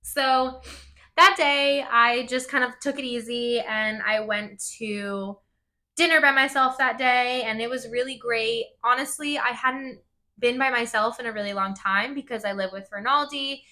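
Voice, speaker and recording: A woman's voice: fairly high pitch, fairly even intonation, a little slow, pushed and bright. A woman hosting a wellness podcast, telling a personal story in a casual, open way, swearing and saying "like" a lot. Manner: casual, swears, lots of "like" fillers. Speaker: podcast host.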